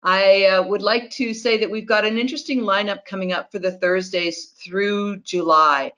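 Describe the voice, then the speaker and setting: A woman's voice: medium pitch, fairly even intonation, normal speed, a bit bright. A woman moderating a webinar over a video call, chatty and friendly, with fillers as she introduces the speaker.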